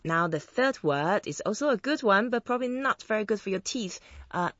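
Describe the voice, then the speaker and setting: A woman hosting an interview who teaches Chinese words, slowing down and stretching sounds to model the tones. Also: mid-range voice, animated, a bit bright, no room sound, muffled recording. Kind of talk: friendly interview and language lesson.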